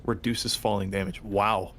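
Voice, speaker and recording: A man's voice: fairly low pitch, level tone, moderate pace, vocal fry, a bit bright, slight background noise. A man chatting casually while playing a game with a friend, joking and swearing. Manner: joking, laughs often, swears. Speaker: co-player. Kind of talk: casual gaming chat.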